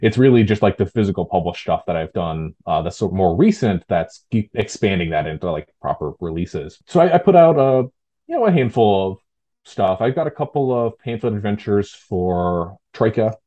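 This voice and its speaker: Deep-voiced man, casual interview guest, rambling with fillers, dull lo-fi sound. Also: animated, moderate pace, mellow. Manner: rambling, many fillers and restarts. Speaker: guest, tabletop game designer.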